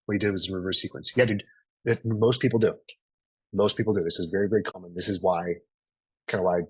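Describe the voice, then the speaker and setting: Fast-talking husky male sales coach. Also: low-pitched, no echo, low-quality recording. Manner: casual, profane, lots of "right?". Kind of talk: live online training session.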